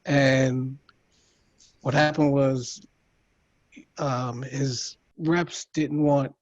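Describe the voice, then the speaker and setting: A man in a writing workshop speaking hesitantly over a video call, with halting phrases and many fillers. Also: medium pitch, steady tone, no room sound, dull audio. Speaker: workshop participant. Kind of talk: casual chat.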